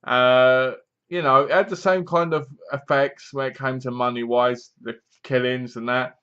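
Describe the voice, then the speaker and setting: A man's voice: medium pitch, steady tone, measured pace, a bit bright, smooth, muffled recording. A man reviewing a horror film in a casual, rambling, sarcastic way. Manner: sarcastic, mocking, meandering.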